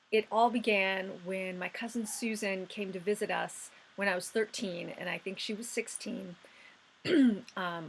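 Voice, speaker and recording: A woman in her forties talks straight to camera in a casual vlog, her pitch sitting in the middle of the range. She reminisces in a chatty way, with little fillers and restarts. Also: fairly bright tone. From United States. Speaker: vlogger.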